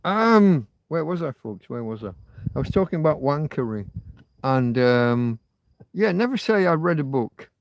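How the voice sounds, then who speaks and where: Male livestream host, slow and gravelly, mutters and curses, dry close sound. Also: on the high side, very animated, dry recording. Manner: muttering, swearing, thinking aloud. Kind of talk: rambling casual livestream chat.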